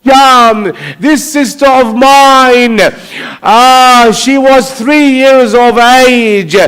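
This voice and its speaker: High-voiced man preaching a slow mourning sermon. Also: steady tone, fairly bright tone, clean tone, low-quality recording. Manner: slow, emotive, repetitive storytelling.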